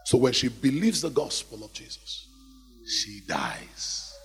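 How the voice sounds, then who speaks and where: A man preaching a lively sermon in a church hall, calling out to the congregation for responses. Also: mid-range voice, takes it slowly, vocal fry, husky, soft background music. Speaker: pastor. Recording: long hall reverb.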